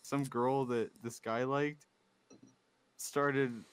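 A man's voice: medium pitch, steady tone, extremely slow, smooth, dry recording. A young man co-hosting a podcast, telling a rambling story in casual chat with restarts and giggles. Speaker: podcast co-host.

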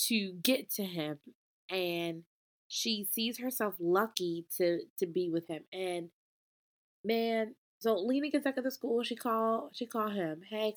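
Animated young woman reviewing a book. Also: medium pitch. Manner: expressive, animated, talks back to the book. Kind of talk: casual book review talk.

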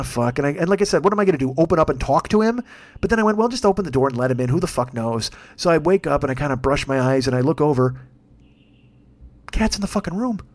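A man telling a rambling, profane story in a casual, animated way. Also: high voice.

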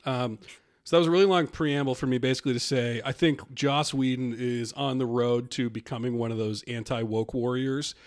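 A man's voice: medium pitch, fairly even intonation, fairly quick. A man co-hosting a comedy podcast, talking in a rambling, casual way and laughing often. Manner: rambling, laughs often, quotes people in put-on voices. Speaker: podcast co-host.

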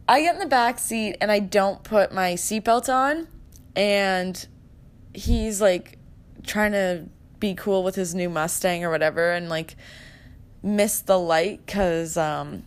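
A young woman hosting a casual podcast, retelling a night out in a chatty, dramatic way, full of "like" and swearing. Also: mid-range voice. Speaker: podcast host. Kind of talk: casual storytelling chat.

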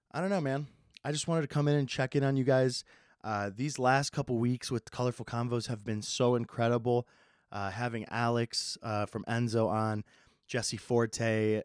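A young man hosting a casual solo podcast, rambling with sarcasm and plenty of swearing, speeding up and slowing down as he goes. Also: mid-range voice, smooth, no room sound, studio quality. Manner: sarcastic, swears a lot, swings between fast and slow. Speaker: podcast host.

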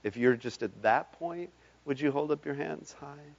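A man leading a congregation in a fervent altar call and closing blessing, his voice rising to loud impassioned calls. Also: a little high, moderate pace, vocal fry. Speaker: pastor. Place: church sanctuary. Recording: dull lo-fi church recording.

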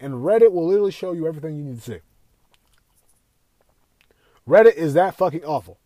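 A man's voice: on the high side, animated, a little fast, warm tone, no echo. A young man ranting as a podcast host, swearing constantly, repeating himself and firing rhetorical questions. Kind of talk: profane opinion rant.

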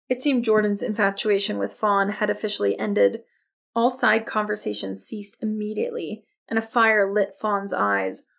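A woman reads a novel aloud in scripted audiobook narration. Her voice is mid-pitched with a noticeably gravelly, creaky texture. She tells the story in a steady, even manner. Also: moderate pace.

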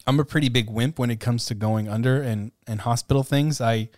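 A man's voice: mid-range voice, steady tone, a little fast, a little mellow, no echo, clean studio sound. A man co-hosting a casual podcast, talking in a laid-back, self-deprecating way and laughing often. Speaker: podcast co-host.

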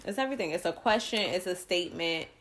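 A young woman with a New York accent, chatting casually as a podcast co-host and often agreeing with a quick "right.". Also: lowish voice, animated, a bit bright. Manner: agreeable, chimes in with "right" and laughs. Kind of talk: casual chat.

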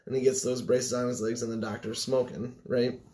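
A man's voice: mid-range voice, level tone, a little fast, dark tone, a little hiss or hum. A man co-hosting a casual podcast chat, talking in an easygoing way with frequent fillers. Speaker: podcast co-host.

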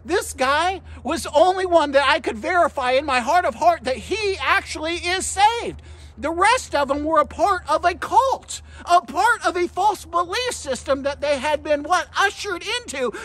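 A man preaching a devotional podcast sermon, addressing his listeners directly as friends and guys, passionate and earnest, swinging between quiet, low stretches and loud, emphatic bursts. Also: lively intonation, normal speed. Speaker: pastor and podcast host.

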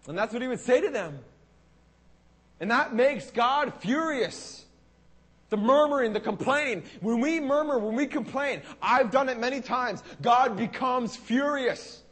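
A man preaching a sermon to a congregation, animated and dramatic, acting out the words of God and the Israelites. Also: very high-pitched, unhurried. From Canada. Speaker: pastor.

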